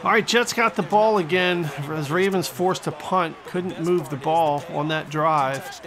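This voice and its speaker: A man giving excitable play-by-play commentary over a football video game, exclaiming at big plays and mocking the other team. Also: a little high, measured pace. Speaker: gaming channel host. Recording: stadium crowd noise from the game behind.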